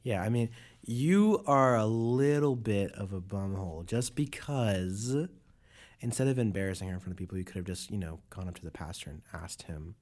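A young man co-hosting a casual podcast, giving his take in a relaxed, rambling way. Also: lowish voice, moderate pace. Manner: relaxed, rambling, lots of fillers. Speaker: podcast co-host. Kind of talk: casual chat.

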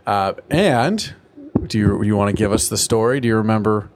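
A man's voice: lowish voice, normal speed, background noise. Upbeat man chatting on a podcast. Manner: lively, jumps into playful character voices. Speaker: podcast co-host. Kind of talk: casual chat recapping a cartoon episode.

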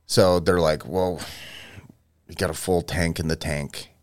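A young man co-hosting a podcast, riffing in a sarcastic, deadpan way with casual profanity. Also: deep voice, measured pace. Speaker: podcast co-host. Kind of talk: casual banter.

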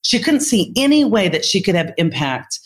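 A woman who leads in healthcare, telling a workplace story in an interview in an animated, vivid way. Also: medium pitch, normal speed. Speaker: healthcare leader.

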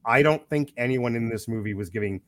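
A man of middling pitch trades opinions in a loose, unscripted movie review chat. He talks bluntly, swears freely and often stops to restart a sentence. His voice sits close and dry on a podcast mic. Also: a little fast, no room sound. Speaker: podcast co-host film reviewer. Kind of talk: casual film review chat.

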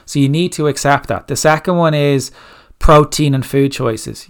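A man's voice: on the high side, steady tone, moderate pace, smooth. A man hosting a solo coaching podcast, giving blunt, direct fat-loss advice and firing off rhetorical questions. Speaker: fitness coach, podcast host.

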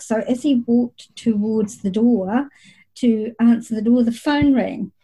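A woman's voice: a little high, a little slow, dark tone, breathy edge, poor audio. A middle-aged woman working as a psychic medium, telling her experiences at length in a reflective interview. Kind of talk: conversational interview storytelling.

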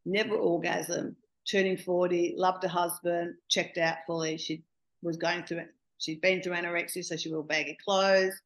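A woman, a coach telling client stories in a chatty, animated interview. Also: on the low side, poor audio. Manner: chatty, animated storyteller with frequent "you know". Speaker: intimacy coach guest. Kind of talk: casual storytelling interview.

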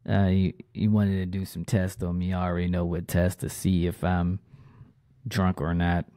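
A man's voice: low voice, level tone, moderate pace, mellow, no echo, clean studio sound. A man casually telling a personal story in a loose, profane, slangy way.

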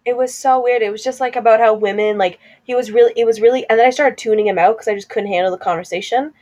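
A woman's voice: on the high side, steady tone, fast, a little mellow. A young woman casually chatting with a friend, jumping in to add to the story and quoting people. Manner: chatty, quotes people, chimes in with laughs.

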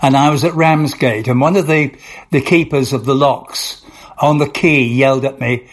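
A man's voice: mid-range voice, fairly even intonation, moderate pace. An older man, an actor guest in an interview, telling long anecdotes with frequent restarts and repeated words.

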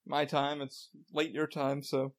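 A man's voice: on the high side, monotone, measured pace. A man hosting a podcast, chatting casually in a rambling, storytelling way with many fillers. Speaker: podcast host. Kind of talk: casual interview chat.

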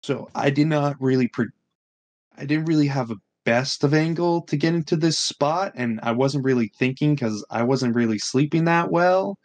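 A man's voice: on the high side, normal speed. A young man, telling a story on a casual podcast, swearing often and acting out what others said. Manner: animated, swears a lot, acts out quotes. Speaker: podcast co-host.

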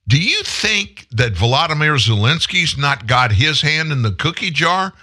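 A man's voice: a little high, sing-song, measured pace, bright, forceful tone. A male host giving political commentary, indignant and full of rhetorical questions.

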